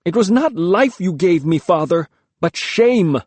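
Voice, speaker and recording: A male audiobook reader voices a boy whose voice leaps high and cracks shrilly as he lashes out. It swings wildly up and down, close and dry, with no room around it. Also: expressive, measured pace, a little mellow, husky, no echo, heavily acted. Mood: bitter accusing. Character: defiant, desperate young boy on the edge of manhood. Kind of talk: audiobook character reading.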